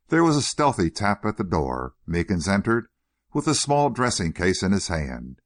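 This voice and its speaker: Shaping every sentence with broad pitch movement, a low-voiced male narrator reads a period novel as an audiobook. His pace is measured but lively, captured in clean studio sound without any room noise.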